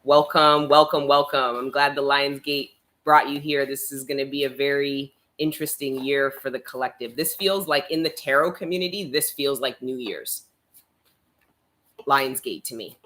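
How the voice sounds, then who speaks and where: Young woman, deep voice, casual live tarot reader, chatty and frank. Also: steady tone, normal speed, fairly bright tone. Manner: chatty, laughs often, reads out chat comments; swears casually. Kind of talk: live-stream tarot reading.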